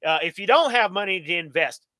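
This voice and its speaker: A folksy middle-aged man from the answers viewer questions on a live stream. His voice sits high and bright, recorded close and dry. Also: animated, fairly quick, no room sound. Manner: folksy, upbeat, talks straight to viewers. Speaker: channel host.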